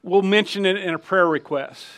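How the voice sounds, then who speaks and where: A man's voice: high voice, normal speed, fairly bright tone. A middle-aged man preaching a sermon, conversational and emphatic, telling personal stories. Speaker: pastor.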